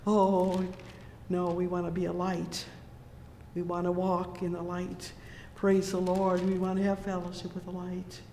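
Slow, steady preacher in an echoey hall. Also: mid-range voice, a little hiss or hum. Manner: punctuates with "oh, yes" and "praise the Lord"; reads scripture in King James wording. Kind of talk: sermon.

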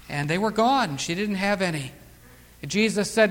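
A man preaching a sermon, moving from emphatic declarations to hushed, quiet storytelling. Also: sits high, sing-song, fairly quick. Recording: long hall reverb.

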